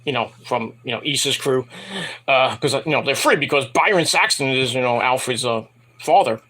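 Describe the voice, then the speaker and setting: A man casually reviewing a wrestling event in a rambling, animated retelling with asides. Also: medium pitch, normal speed.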